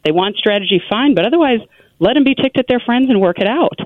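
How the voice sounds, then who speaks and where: A woman guest giving parenting advice in an earnest, animated conversational way, full of "you know" asides. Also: fairly high pitch, quick pace, no room sound. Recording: tinny phone-like line.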